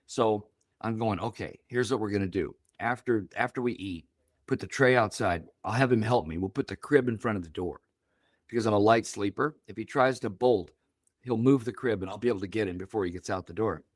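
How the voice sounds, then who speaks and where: A man's voice: lowish voice, brisk, no room sound, clean studio sound. Older man telling a heartfelt story. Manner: emotional, animated storytelling with voiced quotes. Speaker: guest. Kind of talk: personal storytelling in an interview.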